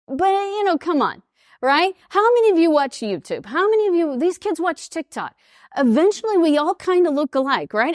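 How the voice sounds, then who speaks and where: A woman in her fifties with an East Texas accent gives a lively talk to an audience. Her voice sits a little high, and the sound is close and dry. She acts out the voices in her stories as she tells them. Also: dry recording. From United States. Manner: lively storyteller who acts out quoted voices. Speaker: speaker at an international school.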